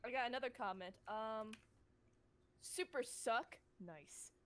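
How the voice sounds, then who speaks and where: A woman's voice: a little high, slow pace, a little hiss or hum. A woman co-hosting a live stream, reading out donations and teasing with jokes. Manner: teasing, joking. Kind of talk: casual live-stream chat.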